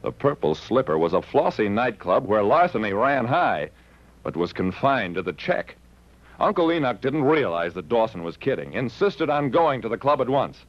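A man's voice: medium pitch, normal speed, dry recording, natural voice. A man playing a wry private detective narrator. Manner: dry, wry narration with lively delivery. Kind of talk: 1940s radio acting. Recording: dull vintage radio recording with faint hiss.

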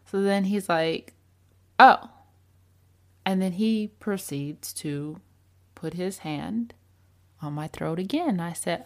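Woman, young adult, podcast host, casual advice, animated storytelling. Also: medium pitch, measured pace. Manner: animated storytelling, acting out quoted lines.

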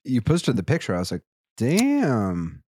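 A man co-hosting a podcast, reacting to his partner's story with quick, casual interjections. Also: lowish voice, a little mellow, dry recording. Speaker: podcast co-host. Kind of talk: casual chat.

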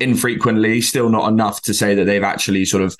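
A man, co-hosting a casual sports betting podcast and telling rambling, animated stories. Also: on the low side, quick pace. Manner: rambling, animated storyteller with frequent laughs. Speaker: podcast co-host, betting tipster.

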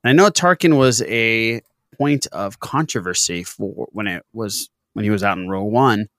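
A man's voice: on the low side, normal speed, fairly bright tone, no room sound, clean studio sound. A man co-hosting a pop-culture podcast, casual and jokey, telling corny jokes. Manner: jokey, tells corny pirate jokes with voices. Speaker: podcast co-host. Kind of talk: casual chat.

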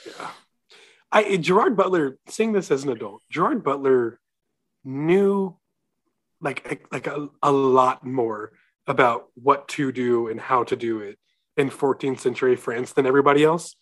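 Casual co-host, young adult man, lively and laughing, acts out lines mid-story. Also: medium pitch, unhurried. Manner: animated, laughing, quoting characters. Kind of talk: casual movie chat.

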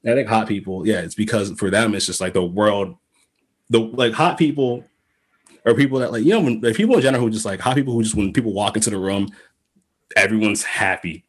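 A man with a very low, husky voice talks in a loose, rambling way. He restarts his sentences often and swears freely. He slips into quick quoted asides as he goes. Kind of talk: casual podcast chat.

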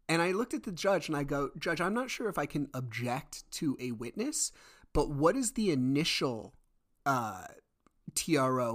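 Guy recapping his day in court on his podcast, acts out what everyone said, lots of asides. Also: mid-range voice. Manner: animated, reenacts dialogue with quick asides. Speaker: podcast host. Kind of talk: casual storytelling recap.

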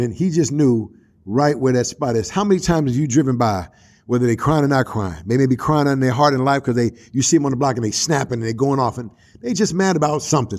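A man hosting a church radio talk show, telling a story with animated, preacherly energy and street slang. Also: mid-range voice, breathy edge.

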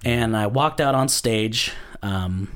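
Speaking slowly in a lowish, slightly bright voice, a stand-up comic on as a guest relaxes into a story during casual conversation. He pokes fun at himself and chuckles frequently.

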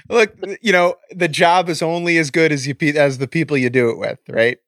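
A man's voice: on the high side, normal speed, a bit bright, no room sound, clean studio sound. A man co-hosting a podcast interview, asking easygoing questions with a few hesitant restarts. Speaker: podcast co-host. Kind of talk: casual interview chat.

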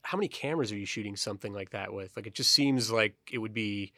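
A man's voice: lowish voice, fast talker, sharp tone, no room sound, clean studio sound. A man hosting an interview, asking long, rambling questions that he restarts and rephrases as he goes. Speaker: interview host.

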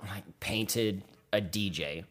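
A man's voice: low-pitched, slow pace, fairly bright tone, slight background noise. A man from Texas, telling stories in a casual, rambling way with lots of fillers, livening up when he quotes others. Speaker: guest artist. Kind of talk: casual storytelling.

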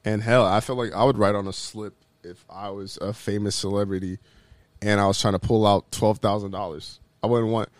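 A man talking in casual chat, animated and swearing freely, acting out quotes with sudden jumps in pitch. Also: a little fast, no echo.

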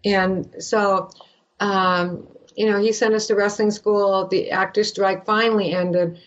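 An older woman from Canada, an actress guest, telling an animated story and acting out the voices of the people in it. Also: medium pitch, slow pace, dull audio. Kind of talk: animated anecdote in a podcast interview.

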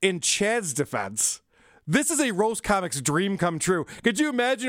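A man's voice: sits high, sing-song, a little slow, no echo, studio quality. A man co-hosting a comedy podcast, chatting casually with sarcastic jokes. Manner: sarcastic, jokey. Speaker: podcast co-host.

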